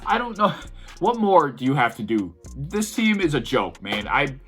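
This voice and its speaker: Heated, bright-voiced young man ranting. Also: fairly high pitch, sing-song, normal speed, slightly rough, faint music behind. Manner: heated, profane, repeatedly exasperated. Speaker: sports video host. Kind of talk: ranting sports commentary.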